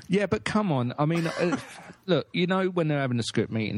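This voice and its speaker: A man's voice: fairly high pitch, expressive, moderate pace, a little hiss or hum. A man hosting a podcast in casual chat, rambling and blunt, with frequent swearing. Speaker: podcast host.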